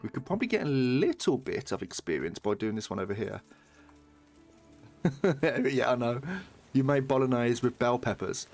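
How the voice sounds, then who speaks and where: A man's voice: medium pitch, sing-song, normal speed, vocal fry, long pauses, a little mellow, soft background music. British man, streamer, casual chat, swearing, joking with chat. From Britain. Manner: swearing, laughing banter with chat.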